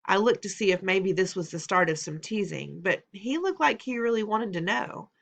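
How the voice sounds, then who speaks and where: A woman reads a children's novel aloud as an audiobook narrator. Her telling is expressive and steady, at a middle pitch. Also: normal speed, gravelly.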